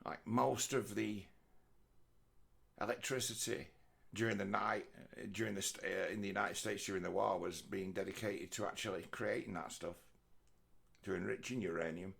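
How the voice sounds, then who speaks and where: A middle-aged man's low voice, gravelly and a little husky. He rambles through a sweary comic monologue in a loose, meandering way. Now and then he slips into mocking impressions. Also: fairly even intonation, normal speed, a bit bright. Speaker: comedian. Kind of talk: rambling stand-up style monologue.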